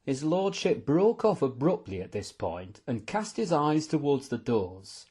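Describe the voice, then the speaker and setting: A man's voice: mid-range voice, a little slow, breathy edge. A man narrating an audiobook in a storytelling tone, shifting between voices for many characters. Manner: expressive, voicing many characters.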